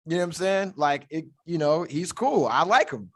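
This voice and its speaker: A man's voice: fairly high pitch, lively intonation, normal speed. A young man hosting a podcast, telling stories in a loose, profane way and laughing often. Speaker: podcast host. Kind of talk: casual chat.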